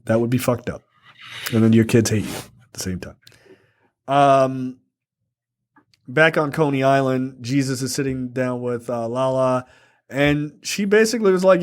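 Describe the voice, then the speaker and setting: A man co-hosting a casual film review podcast, recapping the plot in a rambling, profane way. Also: medium pitch. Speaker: podcast co-host.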